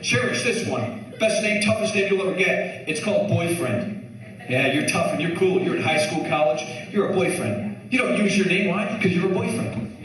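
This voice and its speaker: High-voiced comedian in an echoey club. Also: male voice. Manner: animated storytelling, swings pitch a lot. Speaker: stand-up comedian. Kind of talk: stand-up set before a live audience. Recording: echoey live club, distant mic. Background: audience laughter.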